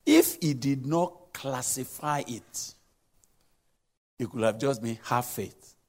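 A man preaching a sermon, emphatic and repetitive, swinging between loud exhortation and hushed asides. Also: medium pitch, takes it slowly.

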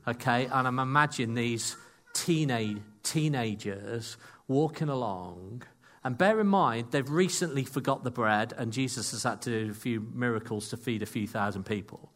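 A man delivering a sermon in an animated storytelling manner. He breaks off for self-deprecating asides, and his voice sits at an ordinary middle pitch. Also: moderate pace. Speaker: preacher.

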